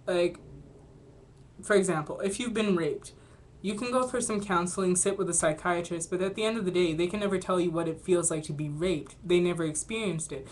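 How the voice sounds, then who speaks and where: A woman's voice: on the low side, a little hiss or hum. A young adult woman in a casual vlog monologue, talking earnestly and thinking aloud with lots of "like" fillers. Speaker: vlogger.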